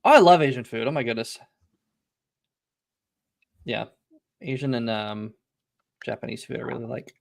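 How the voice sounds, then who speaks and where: A man's voice: medium pitch, animated, moderate pace, gravelly, pauses often. A man hosting a casual group podcast chat, rambling with frequent restarts and laughter. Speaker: podcast host.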